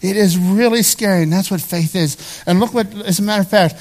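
A male pastor with a high voice preaches a sermon to his congregation. He talks to them directly and conversationally, and he repeats key phrases to drive each point home. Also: a little fast, a little mellow. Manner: emphatic, repeats phrases for stress.

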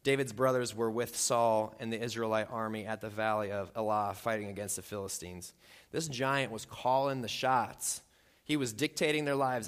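A man preaching a casual, conversational sermon at a middle pitch. He breaks into animated voices when quoting people. His voice rings out with a long hall reverb. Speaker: pastor. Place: church sanctuary.

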